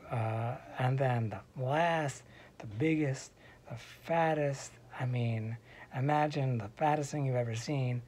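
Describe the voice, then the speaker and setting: A man's voice: medium pitch, slow pace, a little mellow. A man casually telling a silly fairy tale from a hospital room, wandering into asides and sometimes dropping to a whisper. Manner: digressive asides, drops to a whisper at times. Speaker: storyteller. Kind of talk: casual rambling storytelling.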